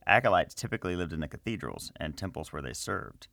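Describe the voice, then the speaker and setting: A man's voice: low-pitched, lively intonation, quick pace, vocal fry, pushed and bright, no echo, studio quality. A man narrating a fantasy story and chatting to his listeners in a friendly way.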